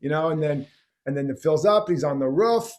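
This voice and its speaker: A man's voice: on the high side, a little fast, darkish tone. A man being interviewed as a guest teacher, talking passionately and rambling through stories and examples. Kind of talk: conversational interview.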